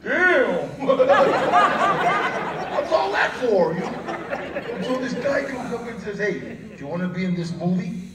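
A man's voice: high voice, lively intonation, normal speed. Man telling stories at a noisy premiere. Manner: laughs often, acts out quoted voices. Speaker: actor interviewed at a premiere. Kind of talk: casual storytelling interview. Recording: roomy, distant mic with crowd noise.

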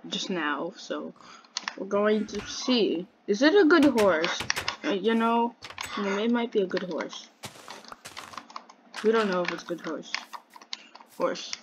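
A woman's voice: medium pitch, expressive, a little slow, pauses often, noisy background. A woman giving casual, jokey commentary on her game, rambling and talking to her character. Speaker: gamer. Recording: muffled mic with loud keyboard clicks.

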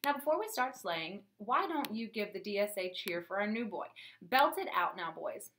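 A woman's voice: mid-range voice, very animated, moderate pace, a bit bright, a little hiss or hum. A woman voicing a big, bossy male sports coach who barks orders at boys. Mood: barking. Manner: barking orders.

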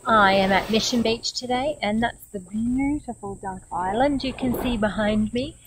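A middle-aged woman with an Australian accent reading a picture book aloud, gently and expressively, pausing to comment on the story. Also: fairly high pitch. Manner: gentle, expressive, comments warmly between pages. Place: outdoors by a beach. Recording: outdoor ambient noise with insects.

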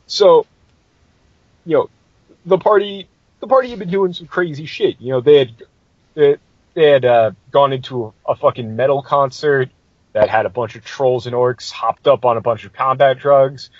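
A man tells a tabletop game story on a podcast, swearing freely and sounding exasperated. His voice is husky and swings widely up and down. It comes through a dry, dull lo-fi mic. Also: mid-range voice, moderate pace, dry recording. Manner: profane, animated, exasperated. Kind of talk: casual storytelling.

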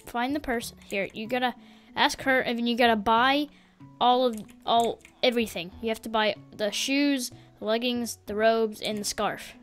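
A woman's voice: on the high side, steady tone, moderate pace. Rambling woman gamer with a raised voice. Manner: scattered, restarts with many "wait"s. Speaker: gamer guiding a friend. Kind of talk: casual gameplay chat. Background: faint game music.

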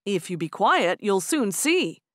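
A woman narrator voicing a steady, playful young Amish man who speaks firmly. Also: medium pitch, a little slow, no echo, clean studio sound. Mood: teasing. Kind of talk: audiobook character voice.

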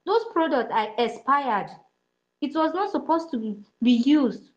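Brief: high-pitched Nigerian woman, heated opinion rant, hammers each point home. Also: expressive, measured pace, lo-fi sound. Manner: heated, emphatic, repetitive. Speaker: speaker in an online audio chat.

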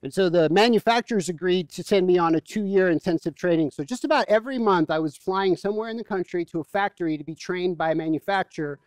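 A male pastor delivers a sermon in a relaxed, joking, storytelling manner. His voice sits high for a man. The sound is dry and close, with little room echo. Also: fast, hardly any pauses, clean tone. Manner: conversational, humorous storytelling. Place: church.

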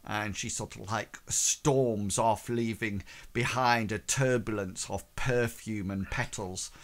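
A man's voice: on the low side, steady tone, slow, fairly bright tone. A man narrating a tabletop game as game master, hesitant and full of fillers.

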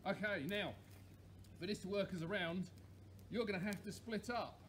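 A man's voice: high voice, slight background noise. A man, a campsite warden, cheerfully hosting a campfire sing-along outdoors. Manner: cheerful, chatty, quick asides.

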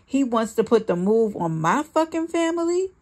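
Brief: a volatile, jealous, abusive man, read by a woman with a gravelly voice, flipping between rage and pleading. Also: mid-range voice, normal speed, mellow. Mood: raging.

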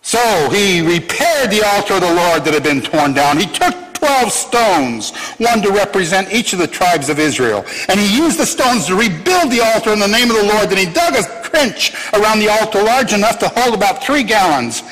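Male pastor lively, emphatic sermon voice, fairly high, long hall reverb. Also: moderate pace, hardly any pauses. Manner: animated, emphatic, swings from loud to hushed. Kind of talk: sermon with scripture reading.

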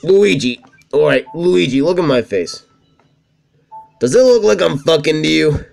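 A cocky, foul-mouthed Italian plumber, as a gaming man puts him on. The voice is gruff and brash, and it swings widely in pitch. Faint music plays underneath. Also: very animated, a little slow, darkish tone, heavily acted. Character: crude Italian-American male plumber, cocky.

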